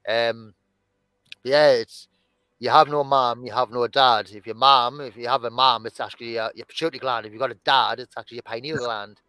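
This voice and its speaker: A man's voice: medium pitch, steady tone, a little fast, sharp tone, clean tone, dry recording, poor audio. A man talking as a guest in an unscripted conversation, rambling and restarting his thoughts. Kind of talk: casual conversation.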